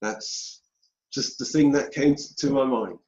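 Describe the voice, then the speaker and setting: A British man telling a personal story as an interview guest, slow and deliberate with pauses. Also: mid-range voice, darkish tone. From United Kingdom. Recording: dull roomy sound.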